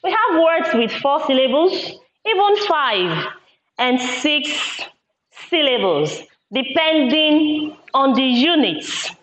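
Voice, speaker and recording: A woman teacher giving a classroom lesson, speaking slowly and deliberately and repeating words syllable by syllable. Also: high-pitched, big pitch swings, fairly bright tone. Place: classroom with a board. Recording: echoey room, dull lo-fi sound.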